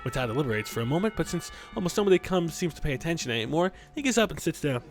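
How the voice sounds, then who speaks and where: A man's voice: fairly high pitch, big pitch swings, rapid-fire, soft background music. A young man playing a visual novel, reading the narration aloud and cracking profane jokes. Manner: joking, profane asides between narration. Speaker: let's play host.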